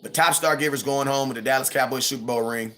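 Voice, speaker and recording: A man in his thirties hosting a live stream, ranting casually about sports, animated and mocking, with quick impressions and frequent laughs. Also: mid-range voice. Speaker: livestream host.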